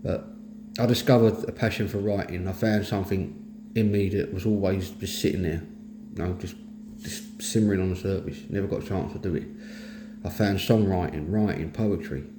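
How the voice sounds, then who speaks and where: This is the host of a mental health talk, a middle-aged Cockney-accented man from East London whose deep voice holds a steady tone at a normal speed. He's blunt, earnest and plain-spoken, opening up candidly about his mental health in a personal monologue recorded in an echoey room with faint noise.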